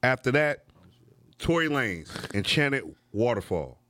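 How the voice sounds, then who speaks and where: Lively, swearing man in casual chat. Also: medium pitch, unhurried, a little hiss or hum. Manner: emphatic, profane. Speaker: podcast co-host.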